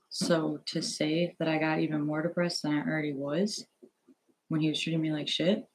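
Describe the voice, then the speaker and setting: Halting young man, flat and high. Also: low-quality recording. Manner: halting, rambling, filler-heavy; nervous, hesitant. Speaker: vlogger. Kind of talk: personal confessional vlog. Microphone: earphones headset.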